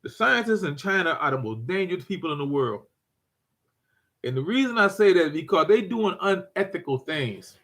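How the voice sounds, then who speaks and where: A man's voice: sits high, big pitch swings, moderate pace, a bit bright. An older man hosting a prepper channel, talking casually to viewers in a rambling, folksy way with many repeats.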